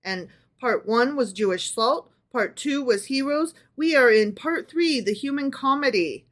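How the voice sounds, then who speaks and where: A chatty woman co-hosting a casual book club show, reading folklore aloud. Her voice sits a bit on the higher side, and she keeps stopping to check in with her partner. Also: animated, a little slow. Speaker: podcast co-host reading aloud.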